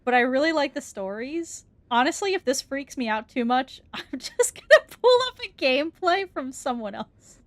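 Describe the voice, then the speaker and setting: A woman's voice: high voice, very animated, moderate pace, hardly any pauses, no echo. A woman streamer giving let's-play commentary on a horror game, jumpy and scared, swearing and laughing nervously.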